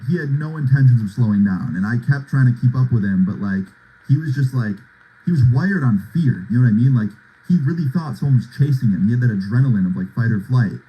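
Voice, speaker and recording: A man's voice: medium pitch, expressive, brisk, mellow, breathy edge, rough recording. A young man casually telling a long personal story, talking loosely with lots of "like" and "right?" as he goes. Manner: loose, filler-heavy retelling with lots of "like" and "right?".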